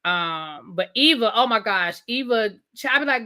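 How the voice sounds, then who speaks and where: Bright, chatty woman reviewing TV live. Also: fairly high pitch, expressive, moderate pace. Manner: chatty and opinionated, with frequent restarts and repeated hedges. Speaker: show reviewer and livestream host. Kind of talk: casual livestream commentary.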